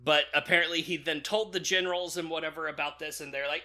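A man with a bright, fairly high voice recaps a film for a podcast. His retelling is loose and jokey, full of "like" and "uh," restarts and little laughs at his own jokes. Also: steady tone, quick pace. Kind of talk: casual movie recap chat.

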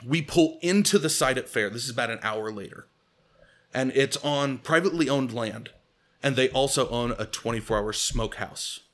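A man's voice: medium pitch, moderate pace, fairly bright tone. A man telling a comic personal story as podcast host, acting out quotes, swearing and laughing often.

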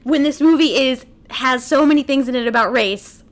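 A woman's voice: high voice, moderate pace. A woman co-hosting a podcast in casual chat, dropping dry, wry comments. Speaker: podcast co-host.

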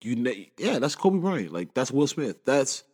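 In a casual solo podcast monologue, a distressed man in his twenties rambles, leaning on "you know what I'm saying" again and again. His mid-range voice is very animated yet a little slow, darkish in tone, with a long reverb tail.

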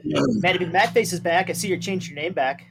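A man's voice: high voice, normal speed, gravelly. A man co-hosting a live chat show, teasing the guests and giggling often. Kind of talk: casual chat.

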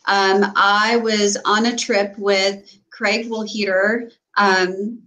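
A woman's voice: medium pitch, level tone, slow pace, pushed and bright, a little hiss or hum, low-quality recording. A woman co-hosting a casual talk show, telling stories with lots of fillers and restarts. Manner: storytelling with many fillers and restarts. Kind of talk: casual chat.

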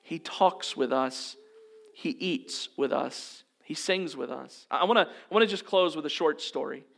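A pastor delivering a sermon at a church service, earnest and steady, building his points through repeated phrases. His voice sits on the higher side for a man. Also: unhurried, gravelly. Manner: earnest, repetitive preaching cadence. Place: church service, also streamed online.

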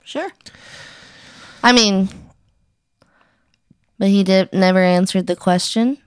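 A woman plays along with a host's story and answers with curious, playful questions. She speaks slowly and deliberately. Her voice is recorded dry and close. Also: medium pitch, clean tone, no echo. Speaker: guest. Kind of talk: casual chat.

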